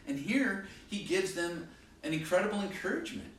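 Emphatic preacher in an echoing hall. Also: male voice, animated, normal speed, a bit bright, slight background noise. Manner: emphatic, varies pitch and volume for stress. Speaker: pastor. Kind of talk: sermon. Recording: very echoey hall, mic from a distance.

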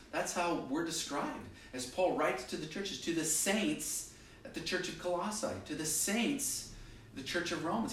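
Emphatic preacher in an echoing hall. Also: male voice, a bit bright, slight background noise. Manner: emphatic, varies pitch and volume for stress. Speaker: pastor. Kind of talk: sermon. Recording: very echoey hall, mic from a distance.

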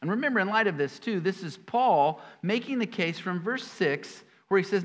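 A male pastor delivering a sermon with a voice a bit higher than most men's. He works through scripture with sudden emphatic bursts, then drops into folksy, chatty asides. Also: lively intonation, brisk, few pauses.

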